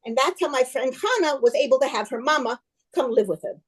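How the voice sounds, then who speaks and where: A woman giving a club speech as an expressive folk tale, told with animation. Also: high voice, brisk, poor audio. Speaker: club speaker.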